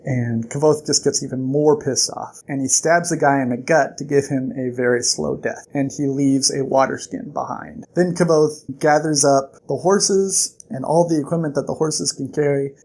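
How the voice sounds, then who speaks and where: A vlogger casually recapping chapters of a book, chatty and animated, with quick acted asides. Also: mid-range voice.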